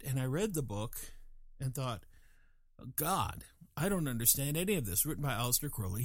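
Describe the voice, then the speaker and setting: In a casual storytelling session, a sixty-something man from Louisiana rambles through a long tale to a group, adding self-mocking asides. His pitch is medium, and the recording is studio quality without echo.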